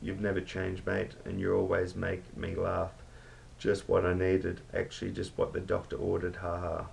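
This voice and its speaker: Bloke putting on his loud aussie drinking mate, swears a lot, low gravelly voice. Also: monotone, normal speed, a little hiss or hum. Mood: rowdy. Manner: swearing, rowdy, laughs a lot. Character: crude boozy male Aussie mate, loud.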